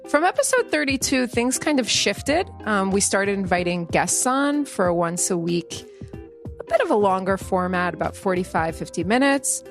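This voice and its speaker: A woman's voice: medium pitch, very animated, moderate pace, vocal fry, faint music behind. A woman hosting a podcast, speaking in an effusive, chatty way as she thanks a guest and runs through past episodes. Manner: warm-hearted, effusive, chatty. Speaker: podcast host. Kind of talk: podcast interview and outro.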